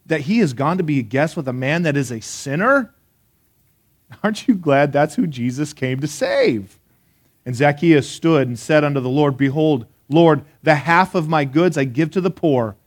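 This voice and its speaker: A pastor preaching a sermon to a live congregation, an animated storyteller who talks straight to his listeners with questions and laughs at his own jokes. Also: fairly high pitch. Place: church service before a live congregation.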